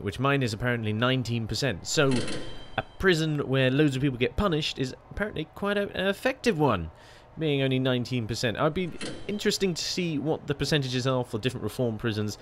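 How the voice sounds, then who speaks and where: A man's voice: medium pitch, slight background noise. A man giving casual game commentary, chatty and self-deprecating, often breaking into exclamations. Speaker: gaming channel host.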